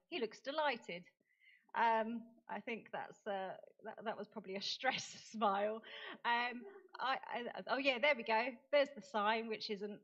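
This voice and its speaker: Speaking at a conference, this middle-aged woman from the UK, an advocate, laughs frequently and pokes fun at herself in a chatty style. Her voice sits at medium pitch with a slight brightness, and the high frequencies are cut off.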